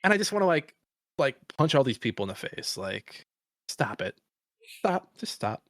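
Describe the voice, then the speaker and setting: A man co-hosting a podcast in casual chat, animated, laughing often and slipping into put-on voices. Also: medium pitch, normal speed, no room sound, clean studio sound. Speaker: podcast co-host.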